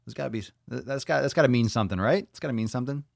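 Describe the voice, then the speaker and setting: Racing along in a creaky, medium-pitched voice, this man hosts a podcast, reading out viewer comments and responding bluntly, swearing freely in casual chat. It's clean studio audio with no echo.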